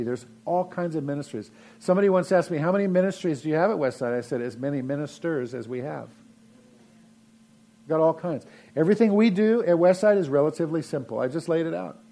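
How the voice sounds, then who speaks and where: A man's voice: on the high side, mellow. A man preaching a sermon as pastor of his church, in a folksy, conversational way with frequent restarts.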